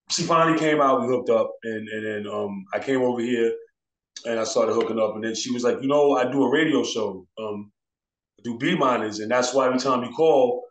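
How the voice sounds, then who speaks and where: A man's voice: mid-range voice, fairly bright tone. A man, a DJ guest in an interview, telling stories casually and acting out the voices of people he quotes. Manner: laid-back, acts out quoted voices. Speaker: DJ and turntablist guest. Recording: roomy echo.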